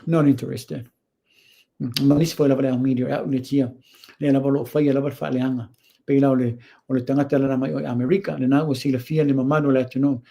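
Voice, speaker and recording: A man with a Samoan accent hosts a show, offering blunt, opinionated casual commentary and mixing Samoan with English. His medium-pitched voice is creaky and warm, moving quickly with little pitch movement.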